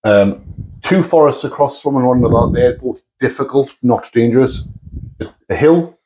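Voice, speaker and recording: A man's voice: mid-range voice, animated, moderate pace, darkish tone, low-quality recording. A man co-hosting a tabletop wargame battle report, talking casually and correcting himself as he goes. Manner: easygoing, rambling, self-correcting. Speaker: co-host of a tabletop wargaming channel. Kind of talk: casual chat.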